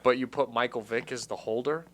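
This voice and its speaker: A young man hosting a casual comedy podcast, telling animated stories and acting out the people in them. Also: mid-range voice, a little fast. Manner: animated storyteller, acts out shouted quotes. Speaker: podcast host.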